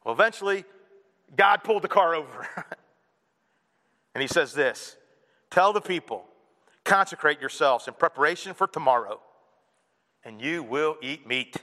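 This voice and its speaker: High, bright-voiced man preaching. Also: normal speed, pauses often. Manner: animated, acts out whiny kids and an annoyed parent. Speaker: pastor. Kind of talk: sermon. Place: church hall. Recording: reverberant hall.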